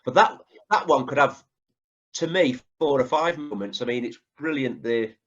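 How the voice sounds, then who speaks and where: A man's voice: mid-range voice, moderate pace, a bit bright, lo-fi sound. A man co-hosting a podcast, chatting casually, retelling favourite scenes and asking for agreement. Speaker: podcast co-host. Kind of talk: casual chat.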